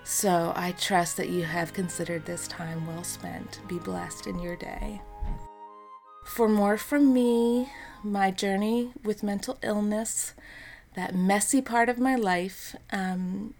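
A woman in her thirties hosting an unscripted devotional podcast, talking in an earnest, encouraging way with soft fillers. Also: mid-range voice, steady tone, slow, creaky, faint music behind. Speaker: podcast host.

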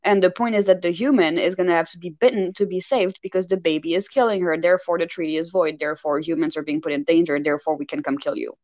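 A woman's voice: lowish voice, fast, hardly any pauses, no room sound, muffled recording. Woman ranting through a movie recap, jumpy voice, mocking everybody, dry close mic. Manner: animated, exasperated storytelling with mocking voices. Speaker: podcast co-host recapping a film. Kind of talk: casual chat.

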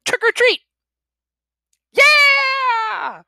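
Woman voicing shrill excited young boys. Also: slow, no room sound, studio quality, heavily acted. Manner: shrill, shouting, breathless excitement. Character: a gang of excited costumed boys.

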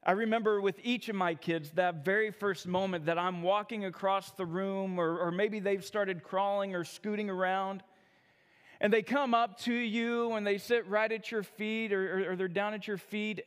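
A man in his thirties with a high, light voice gives a sermon from the pulpit. He tells his own stories in a conversational, self-deprecating way, often stumbling over his words as he restarts. His voice rings out with a long reverb through a church hall. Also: steady tone, normal speed, clear, resonant tone. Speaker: pastor. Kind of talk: sermon with personal storytelling.

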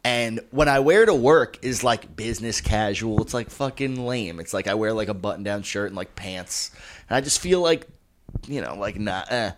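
A man's voice: lowish voice, normal speed. A young man co-hosting a comedy podcast, telling stories in casual chat and swearing freely. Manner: animated storyteller, swears freely. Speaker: podcast co-host.

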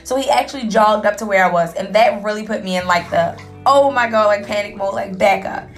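A young adult woman hosting her own show, candidly recounting a personal story in a casual, animated way with lots of fillers. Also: mid-range voice, quick pace, soft background music. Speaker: podcast host.

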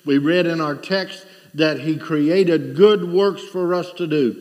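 A man's voice: a little high, unhurried, big-room sound. A middle-aged man preaching a sermon, asking rhetorical questions and telling a story with rising and falling intensity.

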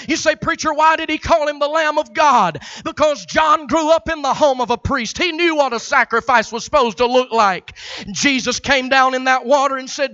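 A man preaching a sermon as pastor, in a rhythmic delivery that swells from hushed passages into shouts. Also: very high-pitched, normal speed, lo-fi sound, faint music behind.

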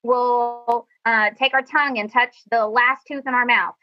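A woman's voice: on the high side, fairly even intonation, measured pace, soft background music. Chatty band teacher woman, dull call audio. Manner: chatty, self-deprecating, upbeat. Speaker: middle school band director. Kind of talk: teacher presentation over screen share.

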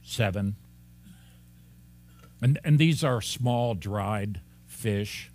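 A man preaching an expository sermon as a pastor. He talks in an animated way, laughs often and acts out the lines of the people in the story. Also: fairly low pitch, extremely slow.

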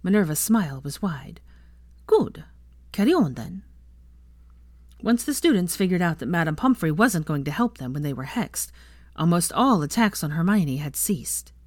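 A woman reading fan fiction aloud with an expressive reading voice. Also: on the low side, normal speed, no room sound.

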